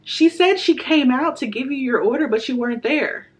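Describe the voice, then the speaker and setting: A woman's voice: sits high, moderate pace. Chatty young woman telling a story. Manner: chatty, addresses viewers directly, acts out quotes. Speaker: vlogger sharing a testimony. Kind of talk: casual storytelling.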